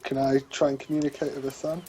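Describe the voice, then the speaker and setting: A man's voice: medium pitch, level tone, fast talker, warm tone, a little hiss or hum. A man playing a tabletop game, chatting in a laid-back, joking way. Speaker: player. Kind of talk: casual chat.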